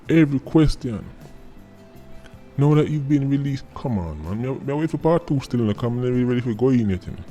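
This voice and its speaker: A man with a Jamaican accent and a mellow, mid-range voice speaks a little fast in patois, delivering casual, mocking commentary. He keeps ending lines with "right?" while faint music plays behind him.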